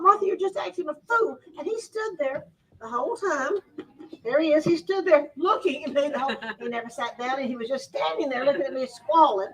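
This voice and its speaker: A woman, telling a personal story to a crowd in a lively way, laughing often and acting out what people said. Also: high-pitched, moderate pace, far from the mic, poor audio. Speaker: guest speaker. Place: boutique store event.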